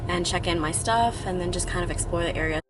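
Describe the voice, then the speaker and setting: A woman with a fairly low voice talks fast as she narrates her own travel vlog, chatting upbeat to the camera while driving and exploring. She's recorded in the car and outdoors, using a dash-mounted camera and a handheld one.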